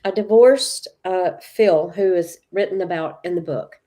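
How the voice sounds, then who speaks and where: Emphatic female spiritual teacher with a mellow tone who spins stories. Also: fairly low pitch, a little slow. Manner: emphatic, acts out quoted dialogue. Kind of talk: animated storytelling talk.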